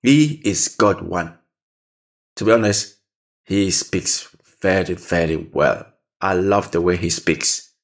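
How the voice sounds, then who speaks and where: A man with a fairly low voice reacts casually to a clip, speaking in a plain conversational way. He often repeats a phrase to drive his point home. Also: takes it slowly, pauses often. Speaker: reaction video host. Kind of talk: casual commentary over a clip.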